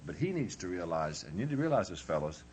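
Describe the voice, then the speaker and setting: A low-voiced preacher, very animated, fast and a little mellow, gives a humorous, conversational marriage workshop in a folksy lecture style, acting out husband and wife alike. There is slight background noise.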